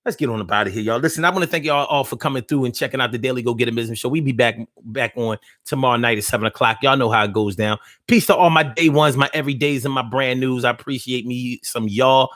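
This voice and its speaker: A man's voice: mid-range voice, fast, hardly any pauses, fairly bright tone, dry recording, studio quality. Loose, profane male live-show host. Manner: loose, profane, slang-heavy ranting; teasing, talks straight to listeners. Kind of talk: casual live-stream talk.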